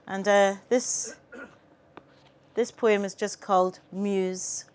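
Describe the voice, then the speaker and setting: A woman's voice: mid-range voice, steady tone, slow pace, darkish tone. A woman poet giving a live poetry reading, with chatty asides between poems.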